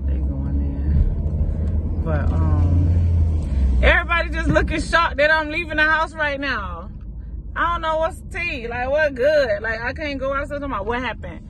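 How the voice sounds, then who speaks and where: A woman filming a casual vlog, talking to viewers in a relaxed, chatty way full of slang. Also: high-pitched, measured pace. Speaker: vlogger. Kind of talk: casual vlog chat to camera. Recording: loud outdoor and car noise. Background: traffic and street noise.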